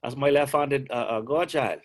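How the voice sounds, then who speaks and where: A man's voice: mid-range voice, normal speed. A middle-aged man, a basketball coach, answering questions on a video call in a chatty, joking way.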